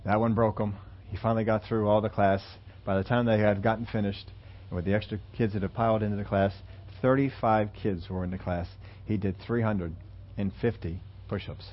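Man preaching, low voice, halting storytelling with restarts, dull lo-fi sound. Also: fairly even intonation. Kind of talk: sermon storytelling.

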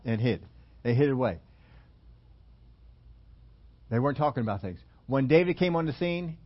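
A man preaching a sermon, telling a scripture story with animated, acted-out voices for its characters. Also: on the high side. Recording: muffled lo-fi sermon recording.

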